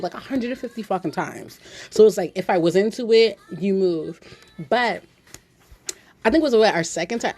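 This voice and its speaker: A woman podcast host telling candid stories in casual chat, blunt and animated, with many "like"s. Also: mid-range voice. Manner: blunt, animated storyteller with frequent "like".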